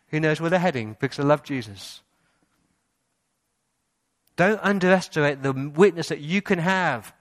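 A man preaches to his congregation in a church hall. His voice sits on the higher side for a man, and he leans on rhetorical questions and builds to emphatic passages. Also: a bit bright, clean studio sound. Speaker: pastor. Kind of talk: sermon.

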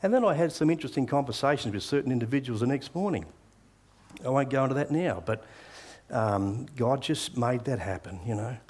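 A man's voice: medium pitch, darkish tone. A middle-aged man preaching a sermon, sharing personal testimony in an earnest, conversational way with frequent restarts.

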